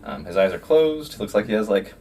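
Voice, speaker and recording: A man's voice: on the low side, big pitch swings, fairly quick, dark tone, slight background noise. A man player describing his character hesitantly, with many fillers. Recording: distant from mic.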